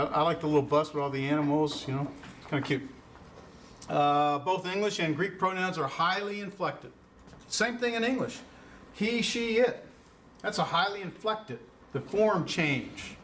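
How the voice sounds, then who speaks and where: A man's voice: on the high side, a bit bright. A man teaching a Greek class in a casual lecture style, with many fillers and questions to his students. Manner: informal, filler-heavy explaining with questions to students. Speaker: Greek instructor. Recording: distant mic, faint noise.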